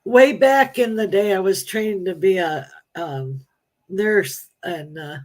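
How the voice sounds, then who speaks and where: A woman appearing as a psychic medium guest on a casual talk show, speaking in a halting, matter-of-fact way. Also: medium pitch, a little mellow.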